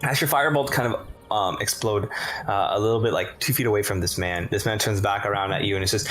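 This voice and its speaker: A man acting as game master in a tabletop role-playing game, narrating casually with many pauses and laughs. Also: lowish voice, fairly bright tone, faint music behind, poor audio. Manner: casual, hesitant with fillers, laughs often.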